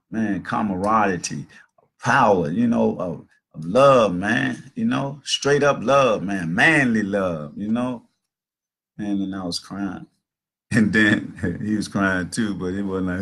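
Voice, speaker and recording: Husky-voiced man around sixty, deep. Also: a bit bright. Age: about 60. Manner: loose storytelling with many "man" and "you know" fillers, earnest. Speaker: host of a talk show. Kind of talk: casual spoken monologue.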